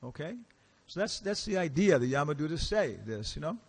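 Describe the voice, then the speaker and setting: A man's voice: a little high, very animated, brisk. A man giving a casual, storytelling lecture in a temple hall, acting out the characters he quotes and asking the audience questions. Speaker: visiting lecturer.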